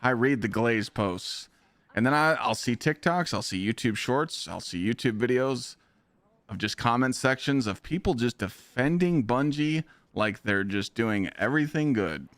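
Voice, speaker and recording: Man, streamer, blunt heated rant, profane, mid-pitched voice, dry close sound. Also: lively intonation, unhurried, a bit bright, dry recording.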